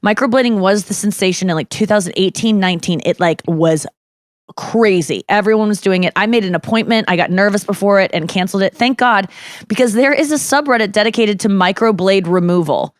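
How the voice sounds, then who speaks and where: A woman in her thirties hosting a podcast, chatting casually and candidly with animated storytelling. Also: mid-range voice, fairly quick, no room sound, studio quality. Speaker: podcast host. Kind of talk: casual chat.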